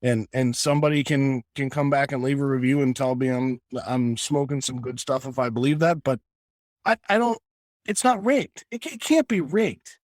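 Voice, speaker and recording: A man's voice: medium pitch, normal speed, no echo. A man co-hosting a casual sports podcast, ranting with passion and stumbling over restarts as he argues his point. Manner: impassioned, ranting, many restarts. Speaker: podcast co-host.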